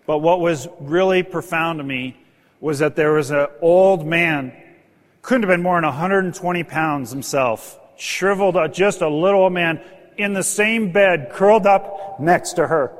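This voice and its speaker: A man's voice: a little high, measured pace, in a large hall. A middle-aged man giving an emotional motivational speech, telling stories with earnest intensity. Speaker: motivational speaker.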